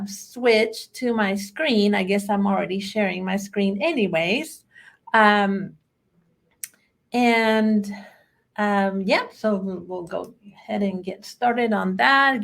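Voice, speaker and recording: A woman's voice: mid-range voice, vocal fry. A woman with a Chilean accent hosting a live webinar as a bookkeeping trainer, effusive and chatty as she greets attendees by name.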